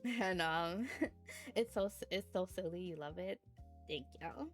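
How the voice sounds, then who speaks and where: A young woman streamer talks slowly in a low-set, drowsy voice, telling a story to her chat with frequent laughter. She yawns through it and slips into playful mock outrage, with faint music playing behind her. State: sleepy, yawning. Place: indoors at home.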